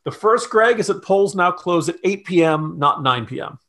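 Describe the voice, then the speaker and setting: Male podcast co-host, fairly high voice, wry and sarcastic, conversational commentary. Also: animated, moderate pace, a bit bright. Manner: sarcastic, mocking quotes in a raised voice; loose and conversational with restarts.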